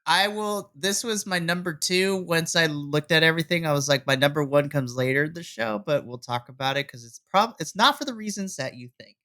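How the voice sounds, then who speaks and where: A podcast co-host giving a casual, animated recap of a wrestling episode and laughing often. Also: medium pitch, brisk, few pauses. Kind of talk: casual wrestling review chat.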